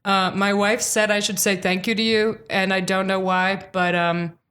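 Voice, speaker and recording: A woman's voice: mid-range voice, normal speed, clear, resonant tone. A woman co-hosting a podcast, chatting casually and acting out characters' lines with lots of energy. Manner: animated, acts out characters' lines. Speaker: podcast co-host. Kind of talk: casual recap chat.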